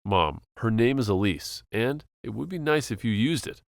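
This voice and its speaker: Casting: man as a fed-up young student son, gravelly voice with lively swings, dry close recording. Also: mid-range voice, moderate pace, dry recording. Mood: exasperated. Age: young adult. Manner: exasperated, pleading.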